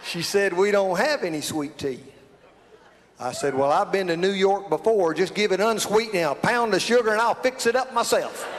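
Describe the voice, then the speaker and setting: Speaking fairly quickly with few pauses, this high-pitched Southern comedian from South Alabama spins a folksy, exaggerated story for a live audience. A crowd can be heard behind the big-room sound, and he breaks into laughter as he goes.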